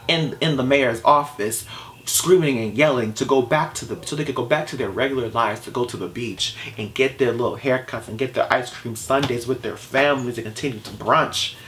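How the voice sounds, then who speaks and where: A man's voice: medium pitch, fairly bright tone, a little hiss or hum. Passionate man in a vlog rant. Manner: passionate, exasperated, lots of rhetorical questions. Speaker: vlogger.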